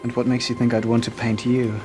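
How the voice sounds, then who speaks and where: A man's voice: mid-range voice, flat delivery, fairly quick, music in the background, close to an everyday voice. An actor playing a blunt, brooding male painter who speaks curtly, in a period film drama. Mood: gruff. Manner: curt and gruff. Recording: loud film score behind.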